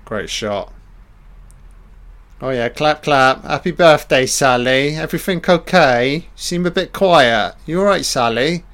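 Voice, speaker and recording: A man's voice: a little high, moderate pace, hardly any pauses, fairly bright tone. A man giving a casual, profane and sarcastic commentary over a film. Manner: profane, sarcastic riffing on the scenes.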